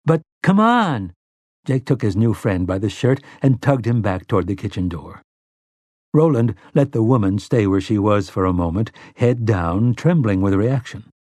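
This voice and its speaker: A man narrating an audiobook in a measured, steady storytelling manner. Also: fairly low pitch, dry recording, clean studio sound. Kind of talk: scripted narration.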